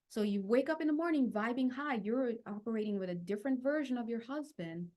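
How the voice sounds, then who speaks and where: A young woman leading a spiritual healing talk, chatty and animated, with many fillers and restarts. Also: mid-range voice. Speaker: spiritual teacher.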